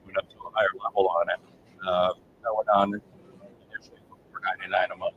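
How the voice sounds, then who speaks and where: A man's voice: sits low, fast, phone-quality sound. A man hosting a casual cooking show, chatting to viewers while he cooks. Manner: relaxed, talks to viewers as folks. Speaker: cooking show host, chef. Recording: faint background noise.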